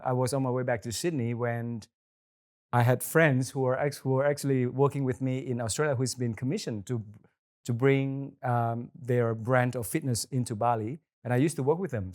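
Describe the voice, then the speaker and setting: A man's voice: mid-range voice, darkish tone. A man from Indonesia, a wedding celebrant, chatting casually on a podcast and rambling through his story with lots of "you know" and restarts.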